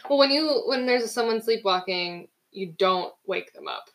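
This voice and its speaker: A young woman co-hosting a podcast tells stories in casual chat, acting out what people said with animated delivery. Her voice is fairly high and moves at a normal speed.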